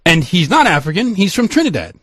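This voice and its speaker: Guy on a podcast telling a story, cursing a lot and getting worked up, voice high and bouncing all over. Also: brisk, no echo, clean studio sound. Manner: animated, profane, emphatic ranting. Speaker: podcast host. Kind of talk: storytelling in casual podcast chat.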